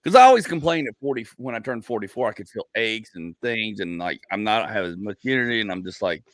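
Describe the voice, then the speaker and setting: A man's voice: lowish voice, lively intonation, fast, no room sound. A man in his forties hosting a casual comedy podcast, telling rambling stories full of "like" and acted-out asides. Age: 40s. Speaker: podcast host.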